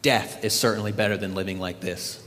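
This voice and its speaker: Guy preaching a sermon, lively storyteller, echo trailing off in a big hall. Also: on the low side, brisk, slight background noise. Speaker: pastor.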